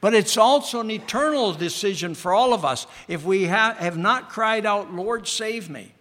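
Male preacher with a high voice, earnest sermon delivery that slows for emphasis and drops to near-whispers, long hall reverb. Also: expressive, bright, forceful tone.

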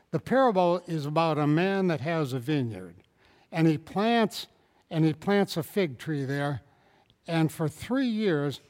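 A man preaching a sermon in an animated, emphatic way, swinging up into loud bursts and tagging points with rhetorical questions, calling on listeners by name. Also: on the high side, long reverb tail. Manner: addresses congregation members by name.

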